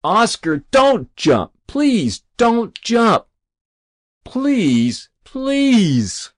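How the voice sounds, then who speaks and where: A man's voice: high voice, sing-song, dry recording, clean studio sound, voice pushed up, exaggerated voice. A man doing a desperate pleading rabbi. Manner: pleading, drawn-out cries.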